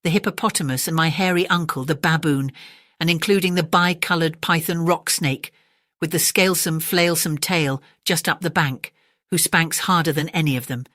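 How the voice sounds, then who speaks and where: A woman's voice: low voice, fairly even intonation, normal speed, a bit bright, no room sound, clean studio sound. A woman voicing a curious young male elephant calf in a storybook, talking very politely and earnestly in a raised voice.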